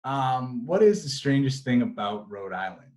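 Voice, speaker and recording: A young man, a sports reporter, chatting as an interview guest, animated and full of fillers and restarts. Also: medium pitch, moderate pace, rough recording. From Massachusetts. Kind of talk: casual interview chat.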